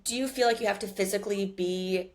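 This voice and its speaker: A woman's voice: medium pitch, fast talker, a little mellow, slight background noise. A woman co-hosting a casual studio chat, curious and asking follow-up questions. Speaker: podcast co-host. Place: recording studio.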